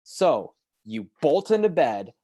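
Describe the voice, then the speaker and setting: A man's voice: a little high, very animated, slow pace, warm tone, dry recording, studio quality. A young man in casual podcast chat, earnest and emphatic as he describes something he loved.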